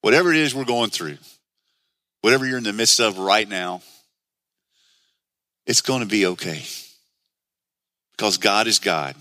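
A man's voice: on the low side, normal speed, pauses often, pushed and bright, dry recording. A man preaching a sermon in an earnest, conversational way, asking the listeners many questions. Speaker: pastor.

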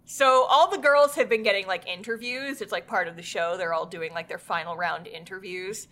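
A woman's voice: mid-range voice, normal speed. A woman co-hosting a podcast in casual chat, retelling an anime's plot, swearing freely and acting out the characters' lines. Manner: animated storyteller who acts out characters' lines. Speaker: podcast co-host.

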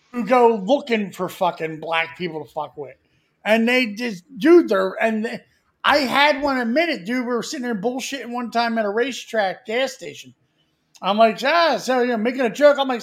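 High pitched florida guy on a podcast, swearing constantly through some long story. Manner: profane, rambling, animated storyteller. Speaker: podcast co-host. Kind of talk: crude storytelling banter.

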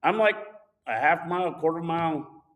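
A man casually telling a personal anecdote, animated and acting out the shouting of people in it. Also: a little high, normal speed, muffled recording. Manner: animated, acts out shouted quotes. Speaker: storyteller.

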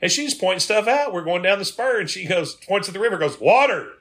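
Man, comedy tour guide on a podcast, bright forceful voice, folksy, laughs often. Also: high-pitched, expressive, fast. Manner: folksy, laughing, acts out quoted people. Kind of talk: casual podcast storytelling.

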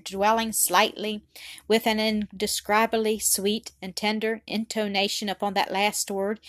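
A woman narrating an audiobook in a calm, even storytelling manner. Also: medium pitch, measured pace, dry recording, clean studio sound. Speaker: audiobook reader. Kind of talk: scripted narration.

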